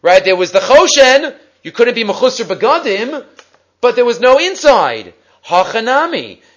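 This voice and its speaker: A man's voice: very high-pitched, big pitch swings, moderate pace, highs cut off. A man giving a Torah class, reading Hebrew sources aloud and explaining them in English, asking and answering his own questions. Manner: mixes Hebrew and Aramaic quotes into English. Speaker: Torah teacher.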